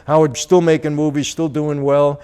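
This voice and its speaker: Animated man telling a story. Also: fairly high pitch, moderate pace, clear, resonant tone. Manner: animated, acts out dialogue. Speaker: channel host. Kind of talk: casual storytelling.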